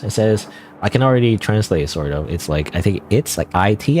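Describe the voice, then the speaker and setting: A man with a lowish voice gives loose let's-play commentary, wandering through his thoughts with constant "like" and "you know". The game's music plays clearly under his voice throughout. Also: big pitch swings, unhurried. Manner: rambling, full of "like" and "you know". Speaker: game streamer. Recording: game music playing under voice.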